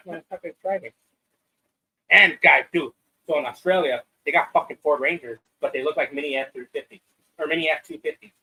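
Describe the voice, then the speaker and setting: Bright-voiced casual podcast host, profane. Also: male voice, on the high side, a little fast, husky, poor audio. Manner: loose, profane, rambling. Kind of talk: casual live-stream chat.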